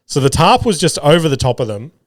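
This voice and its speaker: A man's voice: fairly high pitch, big pitch swings, quick pace, no room sound, studio quality. A man in his thirties hosting a solo podcast, telling rambling family stories with lots of swearing and laughs. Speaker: podcast host. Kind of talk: casual solo podcast storytelling.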